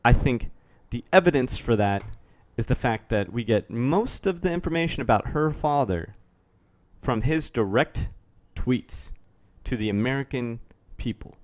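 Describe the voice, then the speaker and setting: A man's voice: medium pitch, animated, measured pace. Man, commentary rant, sardonic, profane, rambling, casual. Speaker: YouTube commentator.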